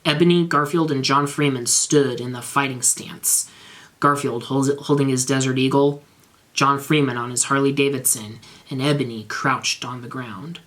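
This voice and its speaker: A man reading bad fan fiction aloud in a measured, straight-faced narration. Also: medium pitch, steady tone, a bit bright.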